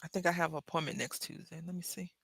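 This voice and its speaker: Woman host, bright forward voice, chatty and rambling, casual craft livestream. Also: sits low, fairly even intonation, fast talker, vocal fry, husky, no room sound. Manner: chatty, rambling, self-correcting, addresses viewers as y'all.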